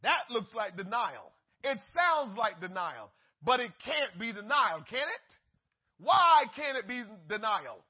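A man preaching a sermon, swinging from shouted peaks to hushed asides and acting out the voices in the story. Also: extremely high pitch, sing-song, unhurried, breathy edge, dull audio.

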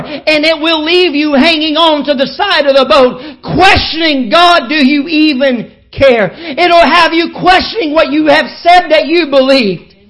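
A woman preaching a sermon to a congregation, impassioned and rhythmic, dropping to soft low asides and then rising to shouts. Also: rough recording. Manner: repetitive rhythmic preaching cadence. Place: church with live congregation.

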